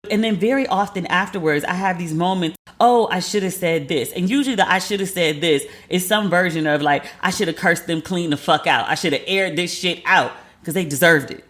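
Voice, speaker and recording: A woman's voice: lowish voice, brisk, hardly any pauses, a bit bright. A woman podcast host telling a story in a casual monologue, candid and profane, acting out what others said.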